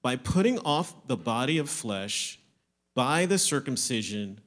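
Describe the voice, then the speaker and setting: A man preaching a sermon, explaining scripture, asking questions and answering them himself, moving between emphatic lines and quieter ones. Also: medium pitch, sing-song, a little slow. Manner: explanatory, asks and answers his own questions.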